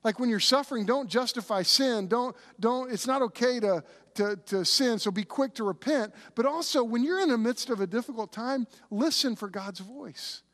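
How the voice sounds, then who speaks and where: Man, pastor, high voice, conversational sermon, lots of restarts, acts out voices. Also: normal speed, hardly any pauses, a bit bright.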